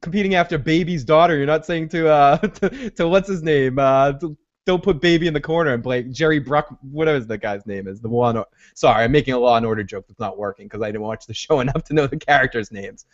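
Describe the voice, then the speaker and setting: A man's voice: mid-range voice, fairly quick, few pauses. A man hosting a podcast, rambling through a casual TV recap and acting out scenes in voices. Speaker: podcast host. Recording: dull lo-fi audio.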